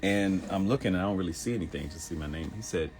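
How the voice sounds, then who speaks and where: A man in his thirties hosting a live motivational talk show, animated and laughing, who mimics people in high voices. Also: quick pace. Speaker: host.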